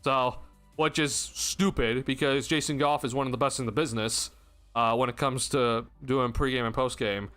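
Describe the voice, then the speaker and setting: A man's voice: medium pitch, fairly even intonation, normal speed, a bit bright, soft background music. A young man, ranting and laughing in disbelief as he hosts a casual sports livestream, rambling with restarts. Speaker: sports streamer.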